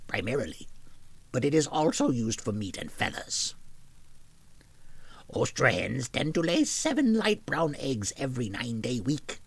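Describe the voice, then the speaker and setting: A man voicing a gruff goblin who reads a dry farm article aloud in a loud, strained, gravelly growl. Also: mid-range voice, dry recording, heavily acted.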